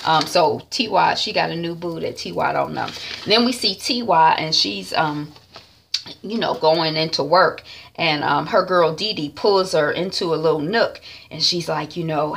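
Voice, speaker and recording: A woman recapping a TV episode in a loose, chatty way, leaning heavily on fillers. Her voice sits low, with a gravelly, husky texture. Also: normal speed, a bit bright. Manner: chatty, rambling, frequent fillers. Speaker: TV series reviewer.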